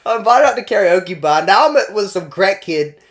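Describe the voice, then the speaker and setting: A man's voice: sits high, brisk. A young man with a New Zealand accent, co-hosting a podcast and telling a story in casual chat, acting out the quotes. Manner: animated storyteller, acts out quotes. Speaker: podcast co-host.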